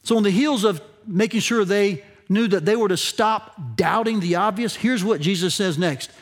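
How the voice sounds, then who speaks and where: A male pastor delivering a sermon in a notably high voice. He preaches emphatically, lifting his voice on key points and drawing out phrases for weight. The delivery is the steady cadence of a church message. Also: moderate pace.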